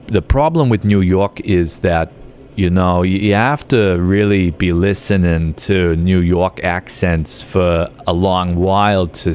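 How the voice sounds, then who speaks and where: This Australian game streamer has a low, slightly mellow voice, and a little hiss or hum sits under the recording. He rambles through casual chat with his live-stream viewers while playing, full of filler words.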